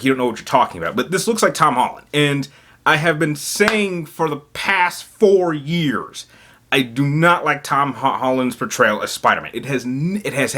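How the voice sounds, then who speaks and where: Animated, rambling man ranting about games. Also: medium pitch. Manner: rambling, repeats words and restarts often; agitated, emphatic. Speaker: gaming YouTuber. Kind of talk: casual vlog rant.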